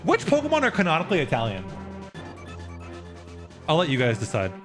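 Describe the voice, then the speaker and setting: A man's voice: fairly high pitch, wildly swooping pitch, a little fast, over music. A young man streaming live, casually explaining a topic and answering his viewers' chat.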